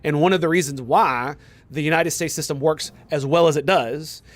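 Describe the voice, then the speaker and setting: A man's voice: a little high, moderate pace. A young man streaming a game, arguing heatedly with his chat, swearing and firing off rhetorical questions. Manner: heated, profane ranting at chat; argumentative, fires rhetorical questions. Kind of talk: casual live-stream chat.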